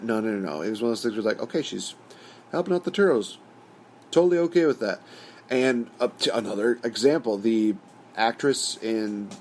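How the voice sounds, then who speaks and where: A man's voice: mid-range voice, a little mellow, a little hiss or hum. A man hosting his own channel, giving a casual, rambling opinion rant full of "you know" fillers. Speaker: host.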